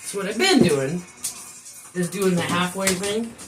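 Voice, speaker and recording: A woman streaming live with a low-pitched voice, chatting loosely and swearing as she tells stories. Faint music plays quietly behind her. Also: a little slow. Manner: swearing, laughing, chatty storytelling. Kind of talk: casual chat on a live stream.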